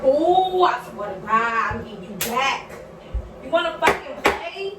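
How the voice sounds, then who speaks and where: Swearing high-voiced woman, roomy and distant. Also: expressive, measured pace, noisy background. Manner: swearing, furious, repeating herself. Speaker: vlogger, prank victim. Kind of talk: angry casual rant.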